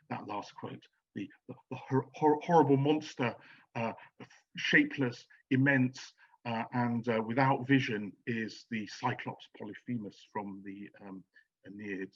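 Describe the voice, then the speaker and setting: A man giving an academic lecture on poetry, pausing often with ums and restarting his sentences. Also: medium pitch, steady tone, slightly rough, muffled recording. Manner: hesitant, many ums and restarts.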